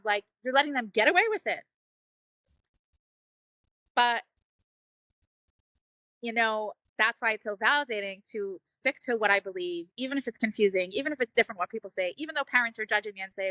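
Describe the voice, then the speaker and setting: A woman's voice: a little high, a little fast, pushed and bright, dry recording. A woman telling a heartfelt personal story as a mother on a parenting show, earnest and emotional, often saying "like" and "you know.".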